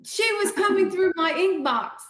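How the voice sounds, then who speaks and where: A woman's voice: very high voice, expressive, normal speed, fairly bright tone. A woman paranormal investigator chatting casually and reacting to her co-host. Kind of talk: casual chat. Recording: roomy echo.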